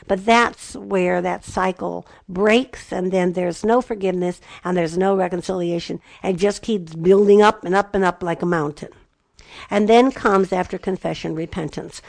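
A middle-aged woman teaching about marriage, slow and emphatic, with playful asides. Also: medium pitch, gravelly, dry recording. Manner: slow emphatic delivery, spelling words out. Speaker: Bible teacher. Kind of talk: teaching talk.

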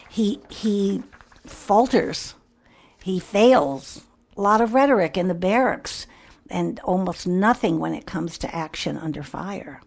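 A woman's voice: lowish voice, a little mellow. An older woman giving a devotional talk in an earnest, reflective way. She sometimes drops to a near whisper. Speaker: Christian speaker.

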